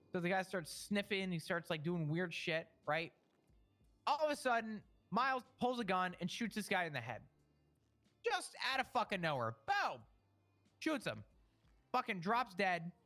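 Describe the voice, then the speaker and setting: Bright, rambling man telling a story. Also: sits high. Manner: rambling, profane, stammering retelling. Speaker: roleplay character telling a story. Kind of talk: in-character storytelling.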